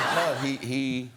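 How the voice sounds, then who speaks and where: A middle-aged man telling an amused anecdote as a guest on a chat show, laughing through it. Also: mid-range voice. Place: TV studio with a live audience. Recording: loud audience and studio noise.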